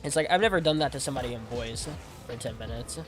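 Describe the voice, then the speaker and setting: A man's voice: medium pitch, animated, fast talker, over music. A young man talking casually to his stream chat while gaming, rambling with lots of "like" and repeated words. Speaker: game streamer.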